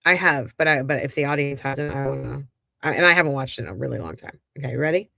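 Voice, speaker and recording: A woman co-hosting an opinion podcast, laying out her points deliberately and with careful disclaimers, and quick to agree with her partner. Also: extremely low pitch, creaky, pushed and bright. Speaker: podcast co-host. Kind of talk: casual opinion talk.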